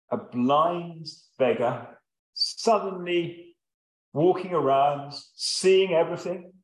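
A man preaching a sermon, reading scripture and then explaining it in a slow, measured way with long pauses and the odd um. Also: a little high, roomy sound, rough recording.

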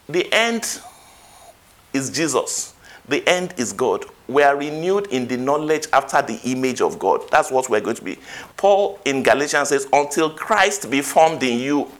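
A man's voice: a little high, fairly bright tone. A man preaching a sermon, quoting scripture and rising to emphatic peaks.

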